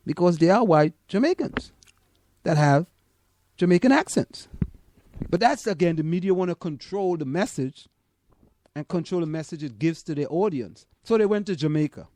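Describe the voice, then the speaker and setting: A man's voice: on the high side, dark tone, no room sound, clean studio sound. A Caribbean-born man co-hosting a casual chat, talking emphatically with many stammered restarts. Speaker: podcast co-host.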